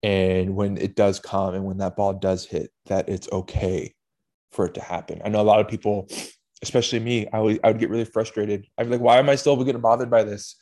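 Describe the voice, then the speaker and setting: Emotional low-voiced man, halting and candid. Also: little pitch movement, darkish tone. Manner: halting, candid, swears casually. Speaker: podcast host. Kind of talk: personal reflective monologue.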